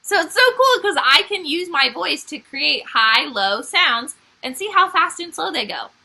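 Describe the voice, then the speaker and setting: A woman's voice: high-pitched, expressive, a little slow, vocal fry, pushed and bright, poor audio. A woman music teacher giving a recorded online lesson to young children, upbeat and explaining step by step.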